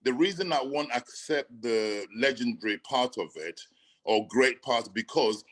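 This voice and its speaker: A middle-aged man talks as a guest on an interview show, earnest and openly emotional. His pitch sits in a plain middle range, and his sentences break off and start again as he searches for words. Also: fairly bright tone, rough recording. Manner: earnest, emotional, halting with restarts. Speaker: boxing coach guest. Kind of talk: interview conversation.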